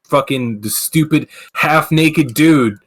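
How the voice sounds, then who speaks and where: Ranting with lots of swearing and filler words, a man hosts a casual gaming podcast from his streaming setup. His voice is a little high and his pace is slow.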